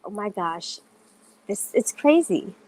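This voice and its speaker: A woman's voice: medium pitch, sing-song, takes it slowly, darkish tone. A woman on a casual livestream, talking straight to viewers in an indignant, defensive way, stressing her denials.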